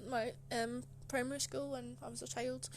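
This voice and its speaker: A woman's voice: sits high, little pitch movement, moderate pace, slight background noise. A young woman telling a casual personal story, chatty and indignant, full of filler words. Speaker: channel host.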